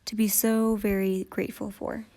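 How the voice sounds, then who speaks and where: A woman voicing a gentle, simple male teddy bear in a storybook read-aloud, speaking in a polite, earnest manner. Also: fairly high pitch, normal speed, vocal fry. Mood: content.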